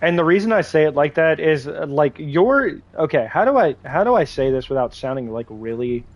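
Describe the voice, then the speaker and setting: A streamer chatting loosely over his game, a man with a higher voice who keeps starting sentences over and filling gaps with "like". The sound is close and dry, with no room around it. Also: expressive, fairly quick, no room sound, muffled recording. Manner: rambling, heavy use of "like", many restarts. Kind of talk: casual chat while gaming.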